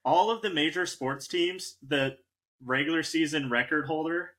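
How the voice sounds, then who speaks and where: A man's voice: a little high, moderate pace, a bit bright. A man co-hosting a casual sports podcast, laid-back and rambling, with many fillers. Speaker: podcast co-host.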